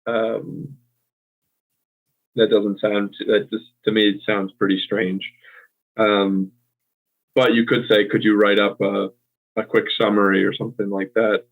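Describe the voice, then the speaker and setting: An American man with a fairly low voice talks through a point of English usage, pausing often on ums and circling back to fix his own words. His voice comes over a thin, phone-like call line, clipped at both ends of the range. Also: flat delivery. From United States. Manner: hesitant, many ums, self-correcting. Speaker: co-host and English tutor. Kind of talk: casual teaching chat. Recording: tinny phone-like call audio.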